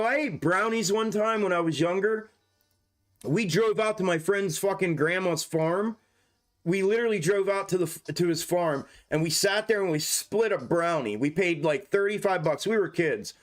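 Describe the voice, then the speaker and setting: A young man live streaming, rambling casually with heavy slang and lots of swearing. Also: sits high. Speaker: stock market live streamer.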